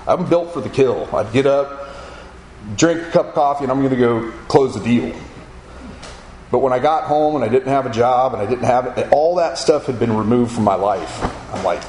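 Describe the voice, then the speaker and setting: A man shares his testimony with a crowd, bringing the story to life by imitating the people involved. His voice is medium in pitch and darkish in tone. Audio quality is poor, with room echo and a little hiss or hum.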